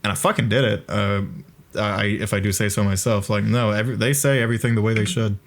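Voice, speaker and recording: A young man giving excited, rambling commentary on his own video, swearing freely and laughing often. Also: lowish voice, fast talker.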